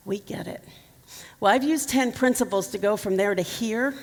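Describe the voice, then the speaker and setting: A middle-aged woman giving a keynote in a conference hall tells a personal story to the audience, candid and emotional with flashes of humor. Her voice is mid-range with vocal fry, and it carries a big-room sound.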